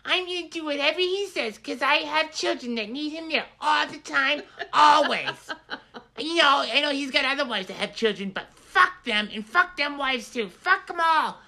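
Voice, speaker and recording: A man mockingly imitating a whiny, self-pitying husband in an exaggerated high voice. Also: normal speed, bright, forceful tone, full character voice.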